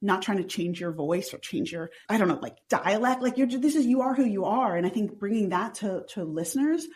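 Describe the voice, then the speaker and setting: A woman's voice: mid-range voice, brisk. A woman, chatting as a podcast guest and saying "like" constantly. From Long Island, New York. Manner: says "like" constantly, chatty and animated. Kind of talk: casual chatty interview.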